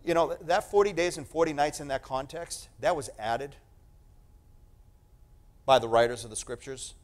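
A male preacher delivering a sermon, emphatic and animated, repeating phrases for effect. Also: a little high, normal speed.

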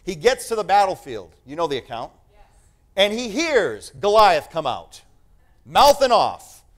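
A male preacher delivering a sermon, emphatic and animated, repeating phrases for effect. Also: sits high, a little slow.

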